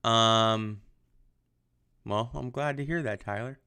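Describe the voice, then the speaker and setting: A man's voice: mid-range voice, slow, pushed and bright, smooth. A young adult male history teacher giving a casual livestreamed lesson, chatty with lots of ums, answering viewer comments. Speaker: high school history teacher.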